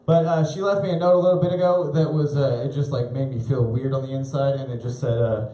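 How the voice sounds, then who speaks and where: Male stand-up comic, thirties, mellow voice, rambling and self-mocking, roomy live club sound. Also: mid-range voice, fairly even intonation. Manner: rambling, self-deprecating, halting restarts. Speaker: comedian. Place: concert club stage.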